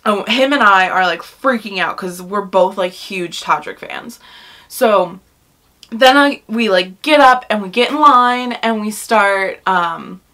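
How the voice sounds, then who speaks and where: A woman's voice: medium pitch, slow pace. Gushing young woman telling a story. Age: young adult. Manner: gushing, animated, lots of "like" and "oh my god". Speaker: vlogger. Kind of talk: storytime vlog.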